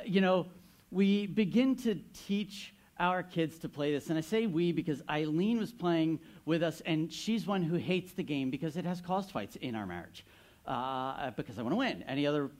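A man in his thirties, a pastor giving a sermon, telling a story with playful asides to the congregation. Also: a little high.

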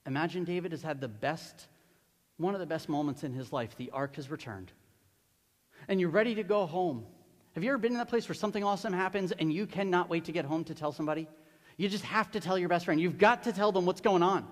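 A male pastor preaching a sermon, animated and emphatic, asking the congregation rhetorical questions. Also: high voice, fast. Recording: long hall reverb.

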